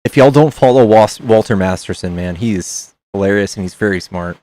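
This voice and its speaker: A man's voice: fairly low pitch, brisk, mellow, dry recording. A man streaming live, chatting casually with his chat, reading aloud and swearing as he reacts.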